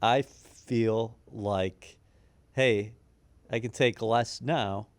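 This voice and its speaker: A man's voice: lowish voice, steady tone, extremely slow, dry recording. A male team interviewer asking long, framing questions in a conversational manner.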